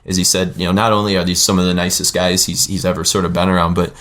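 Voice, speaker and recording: A man's voice: sits low, flat delivery, fast, a bit bright, slight background noise. A man hosting a casual music talk show, rambling and correcting himself with wry asides. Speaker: podcast host; teacher.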